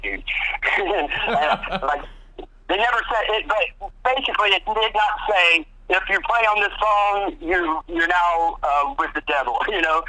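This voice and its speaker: Speaking in a voice on the high side, a guest guitarist in a casual interview tells lively studio stories peppered with swearing, acting out quotes in others' voices. The recording is of low quality.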